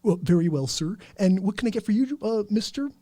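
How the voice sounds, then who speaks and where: A prim, overly polite young barista, as a man puts him on greets customers in a raised, formal voice. The tone is high for a man, and the sound is dry and up close. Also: animated, fairly quick, dark tone, no echo. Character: polite young male coffee-shop barista.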